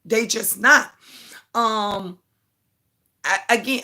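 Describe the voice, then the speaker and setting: Bright-voiced older woman chatting to viewers. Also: fairly high pitch, slow, long pauses. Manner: talks straight to her audience, repeats herself, speaks with feeling. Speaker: YouTube live-stream host. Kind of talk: emotional casual live chat to viewers.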